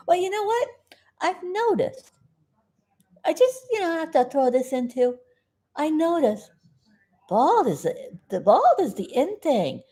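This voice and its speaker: A woman vlogger from South Florida talks in a slow, unhurried way, with a fairly high voice that swings widely up and down. She rambles in a folksy way and breaks into sudden loud outbursts before apologizing sheepishly. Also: sing-song. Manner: folksy, talks aside to her dog. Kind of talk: casual rambling chat to camera.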